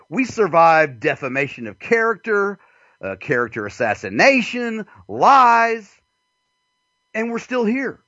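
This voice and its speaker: A Southern-accented man hosting a radio show, talking in a loose, profane ramble. His voice sits a little high and moves up and down a lot. The sound is muffled and dry. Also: measured pace, no echo. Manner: profane, rambling, animated, frequent laughter. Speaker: radio host. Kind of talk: rambling comic monologue.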